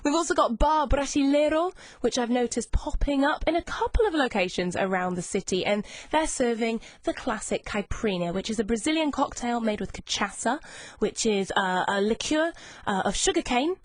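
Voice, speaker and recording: A woman's voice: on the high side, moderate pace, no room sound. A young woman presenting a lunchtime radio chat show from a studio, bubbly and chatty as she reads out listener messages. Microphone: studio microphone.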